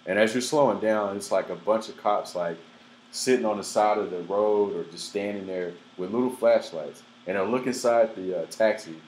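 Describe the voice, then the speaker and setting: A young man telling stories in a loose, profane, filler-heavy way, breaking into animated outbursts. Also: on the low side, moderate pace, slight background noise, poor audio. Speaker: vlogger. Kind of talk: casual storytelling monologue.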